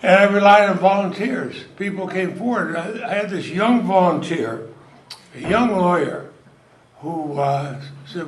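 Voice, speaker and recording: Crowd noise and hall echo surround an older Vermont man's unhurried, high-sitting voice. He's delivering a folksy speech at a party event, chuckling as he shares his stories.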